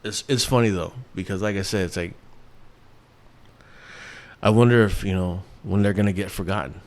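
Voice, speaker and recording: A man's voice: low voice, steady tone, normal speed. A man in his thirties, from New York, hosting a casual solo podcast, rambling with lots of restarts and fillers and swearing freely. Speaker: podcast host.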